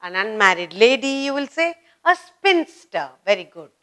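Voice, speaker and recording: A woman with an Indian English accent teaching an English grammar lesson to children, repeating words slowly with emphasis. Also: on the high side, sing-song, a bit bright.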